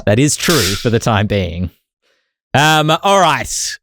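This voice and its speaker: A man's voice: mid-range voice, takes it slowly, slight background noise. A man with an Australian accent hosting a casual podcast chat, rambling and laughing as he tells stories. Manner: laughing, rambling, lively storyteller. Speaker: podcast host.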